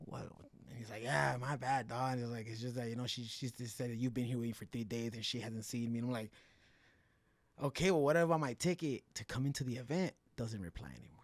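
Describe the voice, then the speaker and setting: Profane, animated storytelling fighter, man. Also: mid-range voice, fast. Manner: profane, animated storytelling with acted-out quotes and slang. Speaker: guest fighter. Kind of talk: casual storytelling in a podcast interview.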